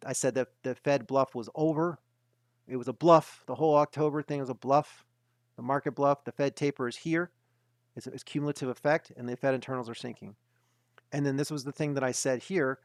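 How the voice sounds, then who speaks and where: A man's voice: mid-range voice, steady tone, brisk, dry recording. Insistent man in a dry webinar talk. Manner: emphatic, repetitive, insistent. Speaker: market analyst hosting a webinar. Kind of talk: webinar market commentary.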